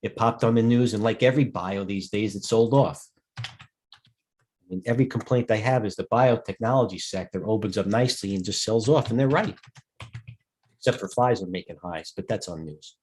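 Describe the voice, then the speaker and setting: A man's voice: fairly low pitch, fairly quick, a little mellow, a little hiss or hum. A middle-aged man hosting a live market commentary stream, tired and rambling as he digresses and stops to answer viewers' questions. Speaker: host and stock broker.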